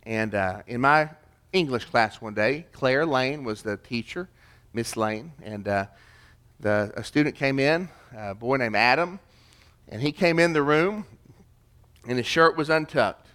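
A man preaching a sermon, emphatic, swinging between loud declarations and hushed, quiet stretches. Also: medium pitch, lively intonation, measured pace. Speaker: pastor.

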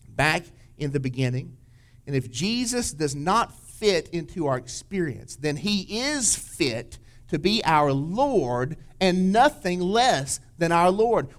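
A male pastor preaching with a slightly raised pitch. He talks earnestly and tells stories conversationally, stopping on small fillers and restarting his sentences. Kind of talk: sermon.

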